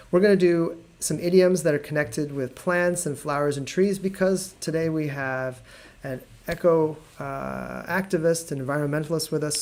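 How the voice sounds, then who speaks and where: A man teaching an English lesson on a live video stream, explaining patiently and repeating words slowly. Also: fairly high pitch, darkish tone. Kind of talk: live online language lesson.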